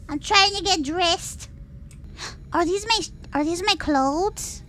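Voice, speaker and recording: Very high, bright-voiced excitable woman streamer. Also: takes it slowly, dry recording. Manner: excitable, jokey, easily scared, slips into Spanish phrases. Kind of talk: let's-play commentary.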